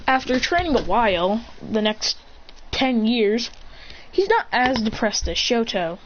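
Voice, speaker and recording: A woman's voice: on the high side, big pitch swings, measured pace. A woman casually telling a made-up fan story, rambling and correcting herself as she goes. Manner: rambling, restarts and self-corrections. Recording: dull home recording with faint ambient noise.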